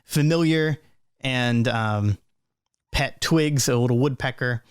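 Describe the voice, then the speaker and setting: A man narrating as game master in a relaxed way, with many fillers. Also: mid-range voice, slow pace, smooth, dry recording, studio quality.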